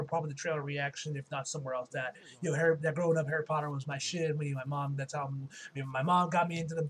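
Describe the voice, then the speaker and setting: Young male reviewer, high voice, casual and rambling, swears freely. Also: poor audio. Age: young adult. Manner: loose, chatty, swears, many restarts. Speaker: movie reviewer.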